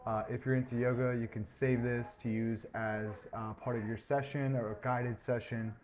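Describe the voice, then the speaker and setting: A man's voice: mid-range voice, little pitch movement, moderate pace, darkish tone. A man hosting a podcast and chatting casually through an intro, rambling a bit with frequent fillers. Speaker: podcast host. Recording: slightly muffled with faint hiss.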